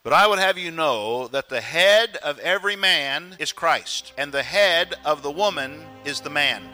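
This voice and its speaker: Bright-voiced man preaching a lively sermon. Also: a little high, measured pace, soft background music. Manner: animated preaching, acts out quotes. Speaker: pastor.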